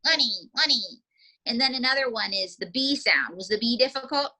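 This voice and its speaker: Bright-voiced woman teaching ventriloquism. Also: on the high side, fairly quick, rough recording. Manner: chatty, demonstrative. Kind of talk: casual instruction.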